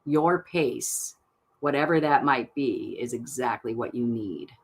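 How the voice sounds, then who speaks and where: A woman giving card readings on a live stream, reading out card texts in a soft, gentle manner and laughing often. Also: rumbling low, expressive, unhurried, husky. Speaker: tarot card reader.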